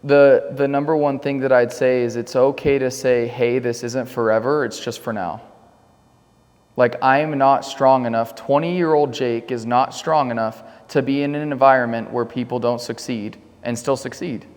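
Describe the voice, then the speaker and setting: A man's voice: medium pitch, fairly even intonation, moderate pace, a little mellow. Young man, casual podcast chat, rambling, filler-heavy, echoing room. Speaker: podcast co-host, solar sales rep.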